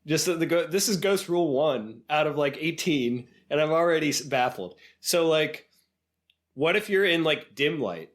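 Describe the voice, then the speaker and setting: A man's voice: a little high, lively intonation, moderate pace. A man co-hosting a film podcast, wryly poking fun at a movie in casual chat. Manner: wry, mocking, puts on silly voices when quoting characters. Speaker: podcast co-host.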